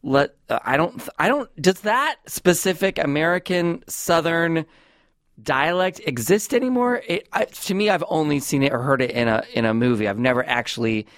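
A man hosting a comedy podcast, chatting in a rambling, animated way on a close studio mic. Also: on the high side, moderate pace, no room sound. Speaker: podcast host. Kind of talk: casual comedic chat.

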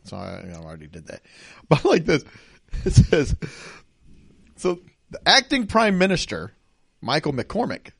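A man's voice: on the high side, wildly swooping pitch, moderate pace, gravelly, long pauses, husky, no room sound. A man hosting a casual radio-style talk show, reading news stories aloud with jokey asides.

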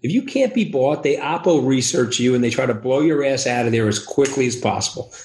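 Wound-up, rapid-fire man. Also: medium pitch, lively intonation, darkish tone, reverberant, a little hiss or hum. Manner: rapid, emphatic, acts out quoted voices. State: over-caffeinated and wound up. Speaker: podcast guest. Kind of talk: animated interview talk.

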